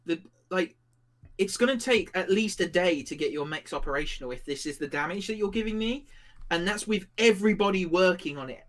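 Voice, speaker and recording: A man playing a frantic young shopkeeper, high-pitched, shouting, bright sharp tone. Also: lively intonation, brisk. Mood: stressed. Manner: frantic, yelling. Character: panicky young male mech shopkeeper.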